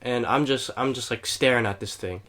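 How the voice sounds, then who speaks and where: A man's voice: medium pitch, moderate pace, a bit bright. A young man telling a personal story on a casual podcast, rambling with many fillers and curse words. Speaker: podcast co-host. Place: home, playing a video game while recording.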